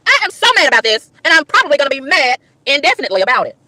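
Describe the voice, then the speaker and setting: A woman's voice: sits high, big pitch swings, rapid-fire, sharp tone, no room sound. A woman vlogger telling an exasperated story, exclaiming and repeating lines for emphasis, recorded in a car. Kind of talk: animated storytelling rant.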